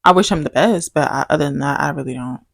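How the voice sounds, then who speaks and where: Young woman, casual podcast co-host, low-ish voice, dry close mic, animated storyteller. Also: fast talker, vocal fry, breathy edge, no room sound. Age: young adult. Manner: animated storytelling, acts out quotes with big pitch jumps. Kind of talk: casual chat.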